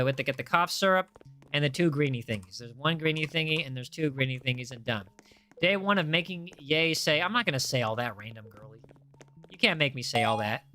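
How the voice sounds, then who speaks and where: A young man hosting a casual game livestream, reading chat aloud in an excitable, jokey way with frequent restarts. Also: fairly high pitch. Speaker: livestream host.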